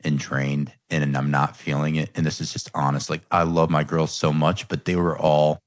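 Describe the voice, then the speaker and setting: A man's voice: a bass voice, little pitch movement, normal speed, no echo. A man hosting a coaching podcast, telling a personal story in a candid, reflective way. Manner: candid, reflective, quotes his own thoughts. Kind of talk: earnest conversational storytelling.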